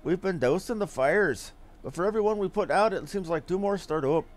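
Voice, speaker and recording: A man's voice: high voice, a little fast, natural voice. A man voicing a grim male commander in a game, reading the stern, formal lines aloud. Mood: urgent. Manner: stern, formal, old-fashioned phrasing.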